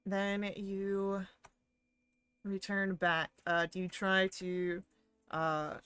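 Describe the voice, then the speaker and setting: A woman running a tabletop game as game master, talking in a relaxed way with many fillers. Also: medium pitch, extremely slow, clean tone, dry recording.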